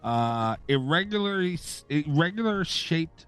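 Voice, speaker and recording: A man's voice: on the high side, animated, measured pace, fairly bright tone, clear, resonant tone, soft background music. A middle-aged man hosting a podcast, chatting casually, ranting sarcastically and swearing freely. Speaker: podcast host.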